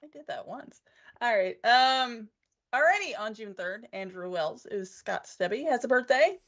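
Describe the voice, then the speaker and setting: A woman co-hosting a casual podcast, easygoing and quick to laugh. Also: fairly high pitch, animated, fairly bright tone. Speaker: podcast co-host. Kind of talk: casual live podcast chat. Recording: muffled lo-fi call audio.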